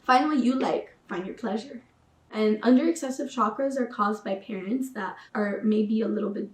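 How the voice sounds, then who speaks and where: A woman's voice: on the high side, a little mellow, roomy sound, recorded from a distance. A woman vlogger talking casually about personal growth, chatty and full of slang. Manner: chatty, uses slang like sis and boo-boo. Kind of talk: casual spiritual vlog.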